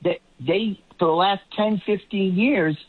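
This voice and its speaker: A man's voice: high-pitched, unhurried, no echo. A man from Boston, a political commentator giving rambling talk radio commentary. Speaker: panel guest, political commentator. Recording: tinny phone line.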